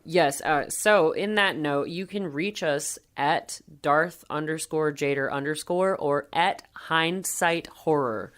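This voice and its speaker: Woman co-host, low voice, chatty, laughs a lot. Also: slow, hardly any pauses. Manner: chatty, laughs often, recaps scenes playfully. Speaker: podcast co-host. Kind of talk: casual chat.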